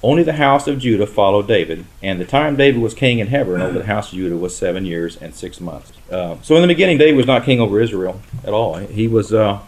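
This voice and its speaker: A man leading a Bible study, reading scripture aloud with slow, emphatic stresses and asking his listeners questions before answering them himself. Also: lowish voice, animated. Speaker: Bible teacher.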